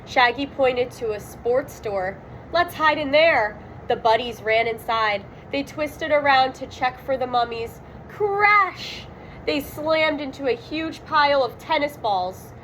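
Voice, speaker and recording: A woman reading a children's storybook aloud, expressive and dramatic on the sound words. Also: high voice, a little slow, slight background noise, poor audio. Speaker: storybook reader. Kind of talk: children's read-aloud narration.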